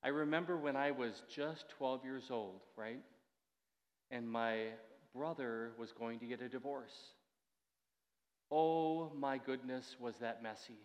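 A man's voice: medium pitch, takes it slowly. Man in his sixties preaching in a reverberant hall. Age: 60s. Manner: conversational preaching with asides and restarts. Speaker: pastor. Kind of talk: sermon.

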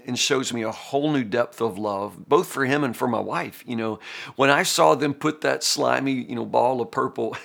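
A man's voice: mid-range voice, vocal fry, fairly bright tone. A middle-aged man teaching the Bible as a pastor, earnest and full of restarts and fillers. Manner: earnest, repeats words, many fillers.

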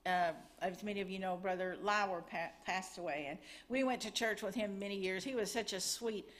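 A woman's voice: mid-range voice, fairly even intonation, moderate pace. A middle-aged woman giving a testimony and a missions update in church, earnest and chatty, a little nervous.

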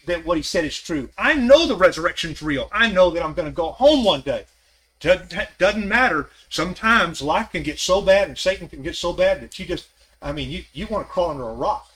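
A man's voice: sits high, sharp tone. An older man teaching a Sunday Bible class, conversational and questioning his listeners, acting out scripture quotes as he goes. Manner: acts out scripture quotes with shifting voice.

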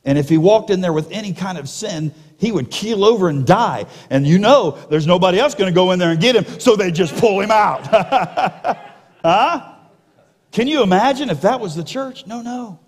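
A male pastor preaching a sermon, slowing down and dropping to a hush for emphasis, with jokey asides to the congregation. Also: high-pitched, animated, husky. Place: church sanctuary. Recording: long reverb of a large hall.

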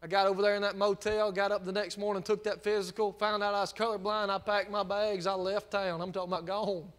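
High bright Southern preacher. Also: male voice, flat delivery, fairly quick, big-room sound. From Mississippi. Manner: folksy storytelling preacher, rising to fervent shouting. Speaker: pastor. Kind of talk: sermon. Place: church sanctuary.

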